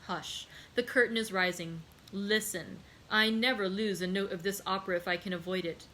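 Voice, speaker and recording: A woman reading aloud and voicing a vengeful aristocratic count who speaks with calm, measured iciness. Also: medium pitch, a little hiss or hum, lightly acted, poor audio. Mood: cold.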